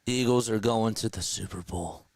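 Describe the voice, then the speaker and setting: A man chatting casually on a live sports stream, excited and rambling like an emotional fan. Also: fairly low pitch, moderate pace, creaky, no echo.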